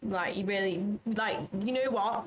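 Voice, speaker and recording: A woman's voice: mid-range voice, a little hiss or hum. A woman with a Manchester-area accent hosting a trading livestream, chatting and teasing casually. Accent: Manchester area, Northern English. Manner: chatty, teasing, quick to laugh.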